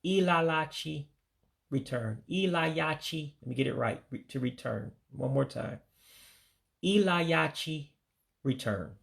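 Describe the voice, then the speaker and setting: An American man giving a casual vocabulary lesson, saying each word slowly, repeating it, then giving its English meaning. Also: mid-range voice, flat delivery, vocal fry, darkish tone. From United States. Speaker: language learner teaching vocabulary.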